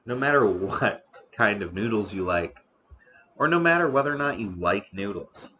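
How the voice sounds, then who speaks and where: A man hosting a casual live stream about the history of noodles, talking slowly with many fillers and restarts, eating now and then. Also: fairly low pitch, expressive, dull audio, a little hiss or hum. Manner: eating on stream between remarks. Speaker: streamer host.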